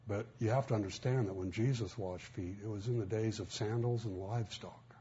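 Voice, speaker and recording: Low, mellow-voiced man preaching. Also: steady tone, brisk. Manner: folksy storytelling, acts out quotes. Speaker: pastor. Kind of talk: sermon. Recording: muffled, faint background hiss.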